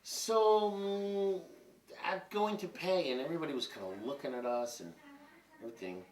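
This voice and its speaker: A man's voice: on the high side, moderate pace. A man in his fifties telling rambling, profane stories in a candid monologue. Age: 50s. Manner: profane, rambling, animated storytelling. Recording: roomy and distant from mic.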